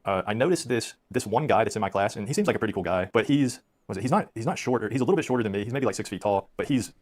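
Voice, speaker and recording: A man's voice: fairly low pitch, animated, racing, darkish tone. A man in his thirties telling rambling, self-deprecating stories about his own life in a casual way. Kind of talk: storytelling on a stream.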